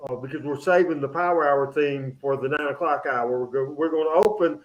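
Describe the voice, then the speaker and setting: A man hosting a radio show in casual studio chat, energetic and rambling, with many fillers and restarts. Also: on the high side, fairly quick, dull audio.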